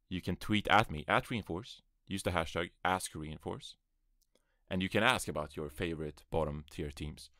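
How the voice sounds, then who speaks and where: Deep-voiced rambling man, lively pitch. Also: no echo, studio quality. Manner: rambling, self-deprecating, offhand. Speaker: podcast host. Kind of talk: casual solo esports podcast. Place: small closet. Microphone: USB microphone.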